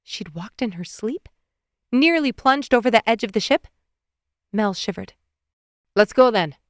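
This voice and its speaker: A woman narrating an audiobook in an even, expressive reading on a close studio mic. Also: fairly high pitch, measured pace, no echo.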